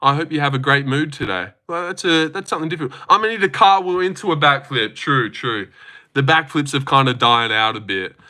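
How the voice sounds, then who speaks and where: A man's voice: mid-range voice, fairly quick, pushed and bright. A man hosting a casual livestream, reading and joking about chat messages. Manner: joking, chatty, reacts to chat messages aloud.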